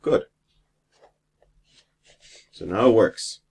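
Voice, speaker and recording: A man teacher walking through a coding exercise step by step, with some fillers, as he types. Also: extremely slow. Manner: steady step-by-step explaining with fillers. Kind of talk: screen-recorded coding lesson.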